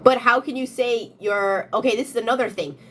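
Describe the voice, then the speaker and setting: A woman's voice: on the high side, fairly quick, fairly bright tone, a little hiss or hum. A young woman talking to her phone camera, questioning commenters insistently with repeated rhetorical questions. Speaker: content creator answering comments. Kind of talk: casual talk-to-camera rant.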